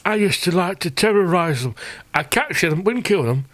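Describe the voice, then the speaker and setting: Casting: man putting on a bragging grandfatherly old veteran, higher voice. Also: animated, moderate pace, a bit bright, dry recording. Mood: boastful. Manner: boastful, calls listener love.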